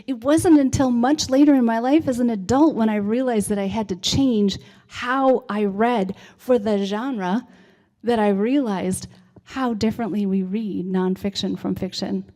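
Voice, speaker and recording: A woman's voice: fairly high pitch, unhurried, dark tone. A middle-aged woman giving a conversational presentation on reading, often checking in with "right?". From United States. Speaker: literacy presenter. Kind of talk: presentation to a civic audience.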